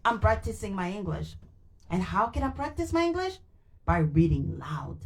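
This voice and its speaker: A tired woman with a French Canadian accent, a native French speaker, reading a book aloud on a live stream into a mic, animated and retrying hard words again and again. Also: mid-range voice, moderate pace. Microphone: microphone.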